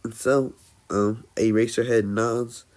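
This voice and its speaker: Guy making up a fan story as he goes, slow, lots of ums and restarts. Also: mid-range voice, steady tone, a little mellow. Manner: halting, many fillers and restarts. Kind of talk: improvised fan-fiction narration.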